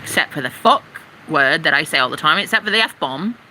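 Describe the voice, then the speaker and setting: A brash woman streamer rants in a casual, profane, sarcastic way. Her voice is bright and sharp, and her pitch jumps all over with very animated delivery. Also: a little fast, a little hiss or hum, low-quality recording. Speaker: live streamer. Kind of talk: casual ranting livestream.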